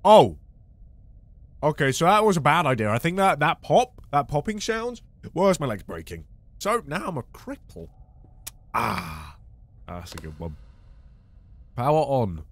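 A man commentating a horror game playthrough, swinging from quiet muttering to panicked shouts. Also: fairly high pitch, sing-song, measured pace, pauses often, slight background noise. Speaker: gaming video host.

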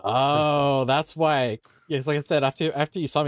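A man's voice: on the high side, fairly even intonation, moderate pace, smooth. A man chatting casually during an online game, joking around with friends. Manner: joking, jokes about being Canadian. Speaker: streamer playing a social deduction game. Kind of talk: casual gaming chat.

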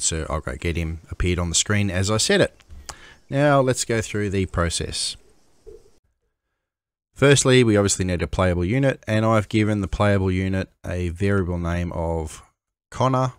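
A man making a game-editing tutorial, explaining in a measured, step-by-step way with pauses. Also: low voice, smooth, no room sound. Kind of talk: screen-recorded software tutorial.

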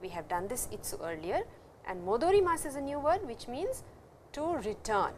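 A middle-aged woman with an Indian English accent giving a patient, explanatory classroom lecture, repeating terms slowly. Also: on the high side, sing-song, slight background noise. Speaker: Japanese language teacher.

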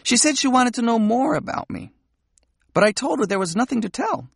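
An audiobook narrator with a husky, gravelly voice tells the story in an intimate first-person way. The pitch moves a lot from line to line. The sound is dry and close. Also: expressive, a little fast, no room sound.

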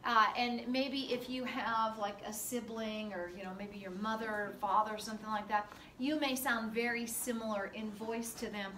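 A woman's voice: a little high, fairly even intonation, normal speed, hardly any pauses, a bit bright. A middle-aged woman teaching a physiology class, chatty and loose, with lots of fillers. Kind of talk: classroom lecture. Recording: echoey classroom from far off, faint noise.

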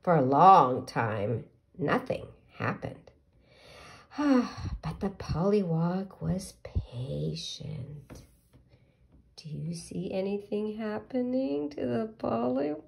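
A woman reading a picture book aloud to children, gently asking them questions about the pictures. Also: mid-range voice, animated, slow pace, vocal fry.

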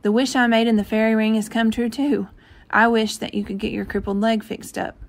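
A woman voicing an earnest, excitable young country boy in a read-aloud storybook. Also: a little high, fairly quick, lightly acted. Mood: tearful.

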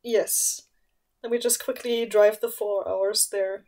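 A woman's voice: mid-range voice, fairly even intonation, slow, a little mellow. A woman co-hosting a podcast in casual chat, playful and giggly, rambling a little. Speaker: podcast co-host.

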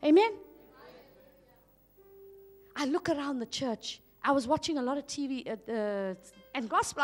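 Woman pastor from South Africa, high voice, very animated delivery, faint music behind. Sermon. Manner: dramatic swings from loud exhortation to hushed asides.

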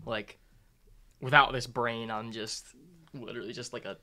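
A young man, a musician guest on a podcast, talking in a relaxed way with lots of fillers. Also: mid-range voice, normal speed. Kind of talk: casual interview chat.

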